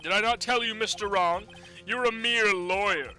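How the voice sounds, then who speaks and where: A man's voice: high voice, bright, forceful tone, soft background music, rough recording. A man voicing a pompous, menacing rich company president in a fan game dub, condescending and theatrical. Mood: gloating. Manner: condescending, theatrical, drawn-out threats.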